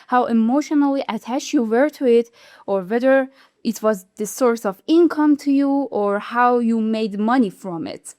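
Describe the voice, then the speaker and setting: Animated woman host, fairly high voice. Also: moderate pace, dry recording. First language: not English. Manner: animated, indignant explaining with laughs. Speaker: YouTube channel host. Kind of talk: video commentary.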